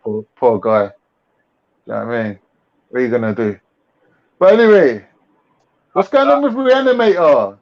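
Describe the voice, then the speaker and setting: A young Londoner hosts a relaxed livestream chat, his mid-range voice swinging widely in pitch at a moderate pace with long pauses. The banter is mocking and slangy, and the audio is lo-fi.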